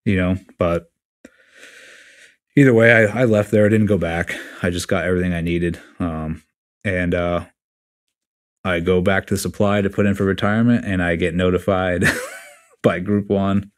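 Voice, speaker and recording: Very deep-voiced blunt man telling a story. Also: moderate pace, long pauses. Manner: blunt, profane, animated retelling with quoted dialogue. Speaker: podcast guest, retiring Navy SEAL chief. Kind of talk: casual storytelling interview.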